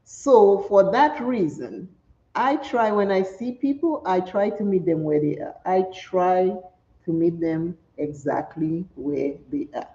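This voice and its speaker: A woman's voice: on the low side, takes it slowly. Lady chatting thru her makeup, laughs a lot, kinda roomy muffled audio. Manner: animated, laughs often, acts out quoted speech. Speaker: makeup vlogger. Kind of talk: casual chatty storytelling while doing makeup. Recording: roomy, slightly dull home recording.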